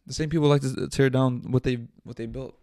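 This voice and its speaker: A man's voice: medium pitch, steady tone, a little fast, mellow. A man hosting his own podcast, talking bluntly and profanely in a casual, exasperated rant. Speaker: podcast host.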